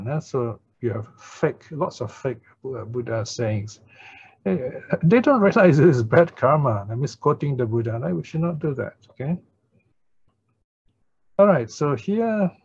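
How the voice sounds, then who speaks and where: Husky man teaching a dharma class. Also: mid-range voice, a little mellow, highs cut off. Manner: explains slowly, asks listeners "right?" and "eh?". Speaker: Buddhist teacher.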